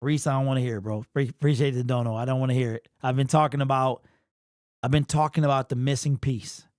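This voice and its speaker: This young man's mid-range, darkish voice moves at a quick pace with fairly even intonation as he hosts a casual livestream. He's rambling and slangy, repeating and restarting, emotional and sniffly, captured in a dry, studio-quality recording.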